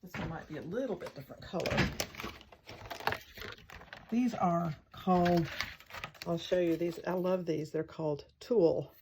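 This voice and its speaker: A woman's voice: fairly low pitch, a little slow, long pauses, heavy background noise. A woman hosting a crafting vlog, chatting casually and thinking aloud as she works, sometimes whispering letters while she writes. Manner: spells words out in soft whispers as she writes. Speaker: craft channel host.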